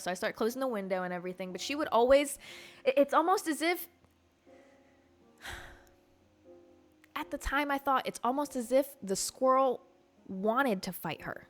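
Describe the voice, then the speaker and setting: A woman hosting a podcast, telling a story in a casual, animated, profane way. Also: sits high, normal speed, pauses often, faint music behind. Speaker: podcast host.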